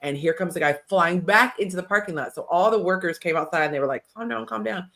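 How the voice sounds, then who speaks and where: A woman hosting a casual panel podcast, telling stories with lively acted-out quotes. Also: fairly low pitch, fast. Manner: animated storytelling, acts out quotes. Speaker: podcast host.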